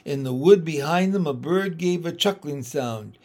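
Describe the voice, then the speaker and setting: A man reading a children's storybook aloud, slow and expressive. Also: on the high side. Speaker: audiobook reader. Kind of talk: storybook narration.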